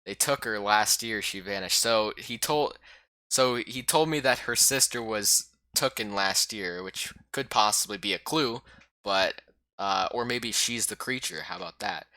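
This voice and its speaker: Man, bright crisp voice, dry close sound, excitable rambling game recap. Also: on the low side, a little slow, dry recording. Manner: rambling, excitable, many fillers. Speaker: YouTuber. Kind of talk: casual game recap voice-over.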